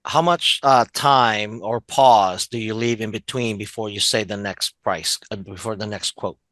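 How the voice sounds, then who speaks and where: Low-voiced man asking a question. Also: fairly even intonation, measured pace, fairly bright tone, no echo. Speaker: trainee. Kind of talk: question from the audience.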